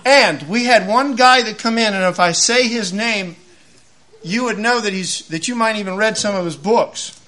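A man's voice: high-pitched, normal speed. A middle-aged man preaching a sermon, telling stories and acting out the voices of the people in them. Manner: animated, acts out voices in his stories. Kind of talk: sermon with storytelling.

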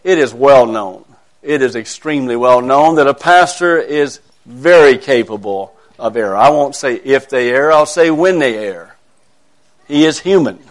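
Male minister, earnest, measured, conversational sermon to a church. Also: medium pitch, expressive. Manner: earnest, measured, with emphatic rises. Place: church service.

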